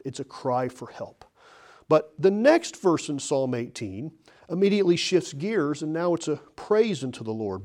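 A man's voice: on the high side, very animated, normal speed, a little mellow. Earnest male preacher delivering a sermon. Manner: earnest, rises to urgent emphasis, occasional throat clearing.

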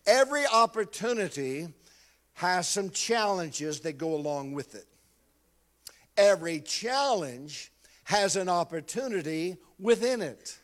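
A man's voice: high voice, expressive, measured pace, a bit bright. An older man preaching a sermon, calling out to the congregation and telling a personal story. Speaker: pastor.

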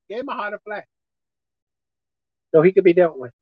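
A woman preacher delivering a folksy, emphatic sermon, swinging between shouting and hushed tones. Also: mid-range voice, big pitch swings, normal speed, pauses often, no room sound, muffled recording. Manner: folksy, colloquial.

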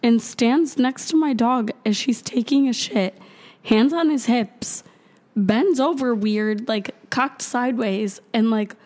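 A woman with a notably high voice tells a crude story in loose, casual podcast chat. She swears freely and acts out both sides of an argument. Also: slow pace. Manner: profane, animated anecdote-telling with quoted voices.

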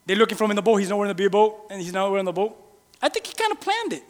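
An animated male preacher with a very high, bright, forceful voice keeps things casual and throws question after question at his listeners. A long reverb hangs after his words, as in a large hall or church. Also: fast, few pauses. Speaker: pastor. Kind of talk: sermon.

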